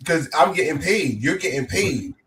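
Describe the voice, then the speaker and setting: A man's voice: on the high side, expressive, moderate pace, fairly bright tone, slight background noise. Slangy casual male podcast host. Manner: loose and slangy, many false starts. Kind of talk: casual chat.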